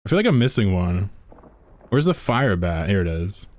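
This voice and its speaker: A young man with a low voice streams a game, chatting in a loose, playful way. He gets excited and tries out impressions between remarks. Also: moderate pace. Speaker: gaming streamer. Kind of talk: casual chat.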